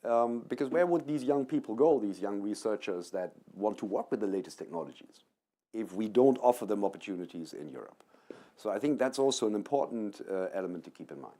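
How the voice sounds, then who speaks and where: Low mellow-voiced guy on a panel, measured, explains things with some ums. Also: lively intonation. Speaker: panelist from the plant breeding sector. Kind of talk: panel discussion.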